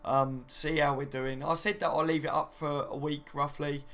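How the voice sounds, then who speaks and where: A man's voice: on the high side, little pitch movement, normal speed, fairly bright tone. A young man hosting a live stream, reading out viewer comments in a chatty, matey way. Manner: chatty and matey, often says "mate" and "do you know what I mean".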